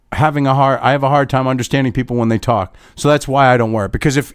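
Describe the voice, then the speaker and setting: A man's voice: a little high, no echo, clean studio sound. A man hosting political commentary, reading through an article and ranting with profanity and sarcasm.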